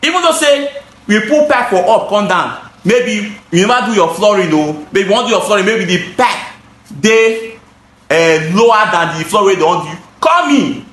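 A man's voice: high-pitched, expressive, moderate pace, a bit bright, reverberant. A man with a Nigerian accent, a gutter installer and seller, casually explaining his products to the camera in an emphatic, repetitive way. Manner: emphatic, repeats phrases, switches into pidgin.

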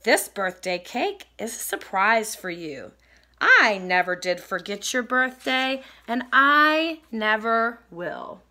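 A woman reading a storybook aloud and voicing a gentle, reassuring mother bear. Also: a little high, very animated, takes it slowly, exaggerated voice. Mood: loving. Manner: warm, reassuring.

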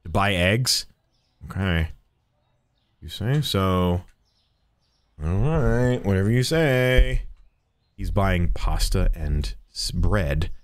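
A man's voice: low voice, animated, slow, long pauses, dry recording. A man streaming a game live, talking to the characters as a shopkeeper in a jokey, swearing way. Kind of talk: live gameplay commentary.

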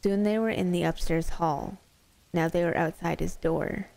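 A woman's voice: fairly low pitch, steady tone, moderate pace, gravelly, a little mellow, no echo. A woman streamer casually reading spooky stories aloud to her chat, playful and laughing easily between stories. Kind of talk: casual storytelling to a live chat.

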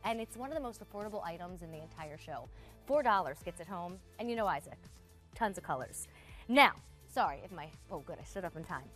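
A woman hosting a live home shopping show, chatting warmly and gushing about clothes to viewers. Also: medium pitch. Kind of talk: live TV sales pitch.

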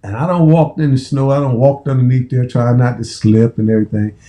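Man in his fifties, american, former football player, casual profane storytelling, very dark voice. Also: medium pitch, fairly even intonation, fairly quick, low-quality recording. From United States. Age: 50s. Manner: profane, repetitive, restarting phrases.

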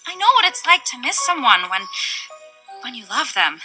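A woman voicing an earnest young female character in an animated series, speaking in a pleading, heartfelt way. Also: high voice, moderate pace, faint music behind, full character voice, rough recording.

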